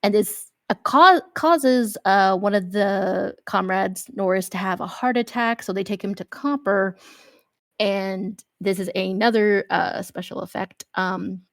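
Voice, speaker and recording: A woman's voice: medium pitch, measured pace, no room sound. A young woman co-hosting a podcast, retelling a film in casual chat, full of fillers like "um" and "like". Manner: chatty, lots of fillers, animated retelling with acted-out shouts. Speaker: podcast co-host.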